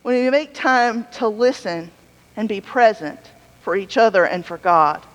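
A woman preacher giving a sermon in a relaxed, conversational way, telling stories with humorous asides. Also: mid-range voice, unhurried. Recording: long hall reverb.

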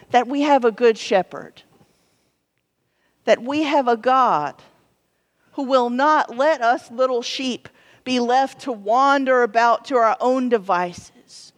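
Woman preaching, high voice, wry humor, halting fillers, echoing church. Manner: humorous and self-deprecating, with frequent fillers. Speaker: pastor. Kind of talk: sermon. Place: church sanctuary. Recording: long church reverb.

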